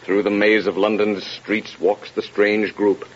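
A man narrating a vintage radio drama in a measured, ominous storytelling manner. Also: on the low side, level tone, a little hiss or hum. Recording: lo-fi old radio broadcast.

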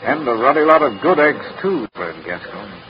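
An actor playing a breezy, jovial young Australian army lieutenant with an Australian accent and slangy talk in an old radio drama. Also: male voice, medium pitch, big pitch swings, moderate pace, lightly acted. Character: cheery Australian light horse lieutenant, young man. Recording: dull old radio recording with faint hiss.

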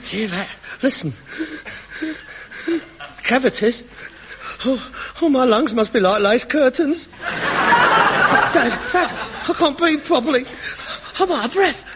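An actor playing a melodramatic, hypochondriac grown son, pompous and whining in a 1960s sitcom. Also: male voice, high-pitched, very animated, moderate pace, noisy background. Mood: panicky. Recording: dull old television recording.

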